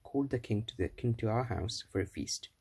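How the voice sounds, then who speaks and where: A clever wife from an old fable, calmly reassuring her worried husband with a confident plan, as a man telling the story puts her on. There is no real change from his own voice. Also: lowish voice, normal speed, gravelly, husky, heavily acted. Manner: soothing, confident.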